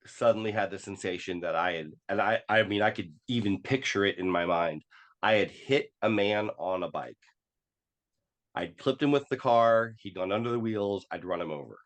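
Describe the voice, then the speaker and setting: A man with a low-sitting voice appears as a podcast guest, telling a personal story. He uses many fillers and restarts and acts out quoted dialogue.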